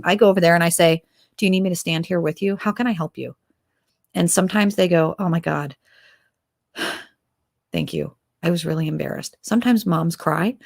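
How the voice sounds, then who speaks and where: A woman hosts an opinionated commentary show with an ordinary, mid-pitched voice. She talks with passion, stacks up rhetorical questions and slips into other voices to act out conversations. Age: adult mother. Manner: impassioned, fires off rhetorical questions; acts out quoted dialogue in other voices. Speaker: host.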